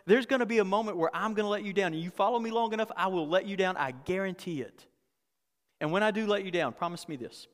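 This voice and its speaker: High-voiced man preaching in an echoing hall. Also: quick pace. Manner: animated, conversational preaching with repeated phrases. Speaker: pastor. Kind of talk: sermon. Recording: long reverb of a large hall.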